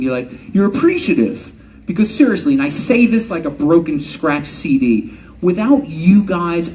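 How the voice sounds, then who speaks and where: A man's voice: high voice, expressive, a little fast, a little mellow, recorded from a distance, slight background noise, rough recording. A middle-aged male singer telling stories to fans at a convention panel, joking, laughing and swearing casually. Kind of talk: live fan Q&A storytelling.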